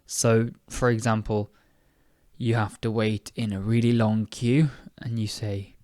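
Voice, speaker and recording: A man's voice: lowish voice, flat delivery, a little slow, a little mellow, no room sound, studio quality. A young British man hosting an English-learning podcast, casual and self-correcting, sounding tired. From United Kingdom. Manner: chatty, self-correcting, laughs at himself. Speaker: podcast host and English teacher.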